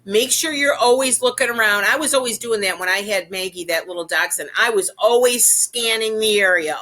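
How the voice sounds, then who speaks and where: A woman with a mid-range, bright, forceful voice gives informal dog training advice. She's casual and chatty, repeating her points often and checking in with "okay?".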